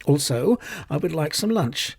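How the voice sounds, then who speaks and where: A man's voice: on the high side, animated, a little slow, creaky, breathy edge, no room sound, studio quality, pitched above the performer's own voice, heavily acted. A man voicing a fussy, chattering young vegan woman who complains nonstop in a storybook reading. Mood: complaining. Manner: babbling, aggrieved.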